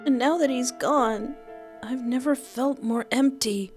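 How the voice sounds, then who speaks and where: A woman voicing a troubled young fox man in a game she is playing, speaking in a flat, blunt way. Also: mid-range voice, takes it slowly, soft background music. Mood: tearful.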